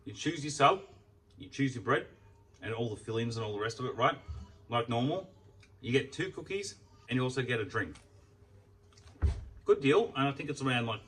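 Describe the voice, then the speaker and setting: A man's voice: mid-range voice, a bit bright, distant mic, a little hiss or hum, low-quality recording. A man chatting casually about food as he eats, rambling and swearing freely. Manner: rambling, swears freely, talks while eating. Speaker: food vlogger. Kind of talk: casual mealtime chat.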